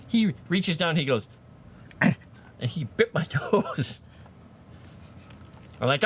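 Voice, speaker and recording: A man chatting casually with his live-stream audience while writing fantasy lore, animated and quick to laugh. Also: fairly high pitch. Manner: animated, chatty, laughs often, talks to chat.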